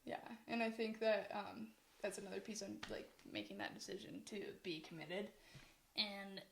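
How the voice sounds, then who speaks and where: A woman's voice: medium pitch, moderate pace, gravelly, fairly bright tone, slight background noise. A young woman co-presenting course material in a casual discussion, rambling, often breaking off mid-thought and laughing.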